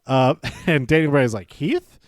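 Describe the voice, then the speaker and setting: A man's voice: medium pitch, unhurried, darkish tone, smooth, no echo, clean studio sound. A male podcast host chatting casually through a show recap, chuckling and stumbling over his words as he goes. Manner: chatty, self-interrupting, chuckles often; acts out quoted lines in livelier voices.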